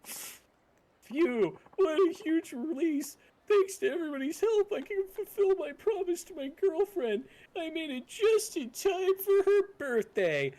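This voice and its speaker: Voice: very high voice, sing-song, unhurried, dark tone, pitched above the performer's own voice, heavily acted, poor audio. A streamer voicing a giddy young adult male lover boy in a sing-song, overeager way, for a video game.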